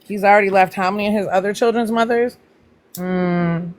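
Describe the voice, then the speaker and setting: A woman chatting casually with viewers on her livestream, greeting them by name and teasing them playfully. Her voice jumps up high whenever she welcomes someone. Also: steady tone, moderate pace. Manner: pitch jumps up high when greeting people. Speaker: livestream host.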